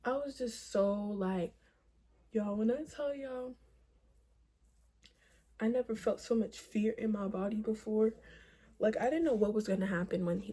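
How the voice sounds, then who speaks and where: A woman's voice: medium pitch, mellow. A young woman vlogger telling a personal story to viewers in a dramatic, profane way, with frequent asides to them. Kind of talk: storytime vlog.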